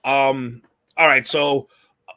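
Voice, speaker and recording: A man in casual podcast chat who rambles, laughs often and restarts his sentences. His voice sits at an ordinary middle pitch for a man. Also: fairly even intonation, slow pace, pushed and bright. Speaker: podcast co-host.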